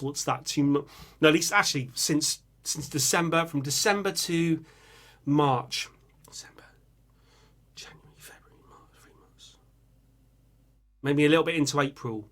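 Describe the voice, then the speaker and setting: A young man, hosting a music channel and chatting casually while reading out viewers' song picks. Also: fairly high pitch. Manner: animated, bursts into singing and screaming riffs. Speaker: music reaction channel host.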